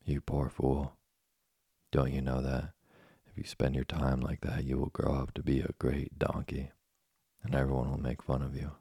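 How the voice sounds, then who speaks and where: A man with a husky, gravelly voice reading the lines of a patient, preachy old male cricket in an audiobook. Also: extremely low pitch, normal speed, no room sound, studio quality, heavily acted. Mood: calm, preachy. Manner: calm and preachy.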